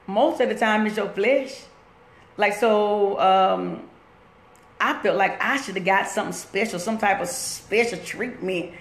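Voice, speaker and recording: Her mid-range voice has a fairly bright tone as she rambles through a conversational motivational talk. She's an inspirational speaker on a phone live stream at her workplace, breaking off to greet viewers, in an echoey room with faint background noise.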